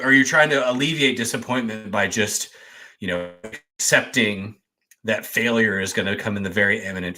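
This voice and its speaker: A man's voice: medium pitch, pushed and bright. A man hosting a sports podcast, ranting angrily with swearing, repeated phrases and stammered restarts. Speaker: podcast host. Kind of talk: profane sports rant and casual podcast chat.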